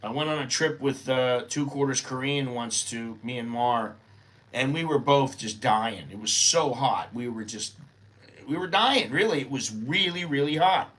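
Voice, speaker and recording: Chatty older American man, bright voice. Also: medium pitch, unhurried. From United States. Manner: rambling and chatty, thinks aloud. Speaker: vlogger living in Thailand. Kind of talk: casual unscripted monologue.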